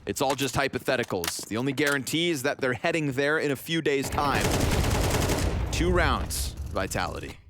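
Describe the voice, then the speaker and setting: A man calling live esports play-by-play with animated, vivid commentary. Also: medium pitch, brisk, few pauses, heavy background noise.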